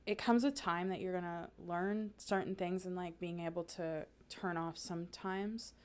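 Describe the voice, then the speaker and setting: A woman's voice: lowish voice, fairly even intonation, normal speed, a little mellow. A woman in her thirties co-hosting a podcast, talking casually with lots of "like" and laughing often while reassuring her friend. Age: 30s. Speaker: podcast co-host, color guard director. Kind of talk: casual chat.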